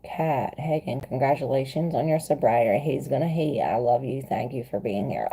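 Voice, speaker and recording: A woman with a raspy, gravelly smoker's voice giving a casual livestream tarot reading, loose and chatty with lots of fillers. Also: a bass voice, moderate pace, hardly any pauses, mellow, slight background noise. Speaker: tarot reader.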